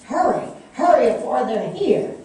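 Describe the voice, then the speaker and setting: A woman's voice: on the high side, big pitch swings, unhurried, mellow, slight background noise, pitched above the performer's own voice. A woman reading aloud as an elderly woman urgently hiding two boys, in an echoey room from a distant mic. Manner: urgent, pleading.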